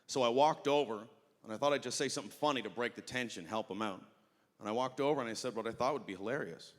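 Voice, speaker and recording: A male stand-up comedian telling an animated story on a festival stage through a handheld mic. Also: medium pitch, fast talker. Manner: animated, acts out voices. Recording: long reverb of a hall.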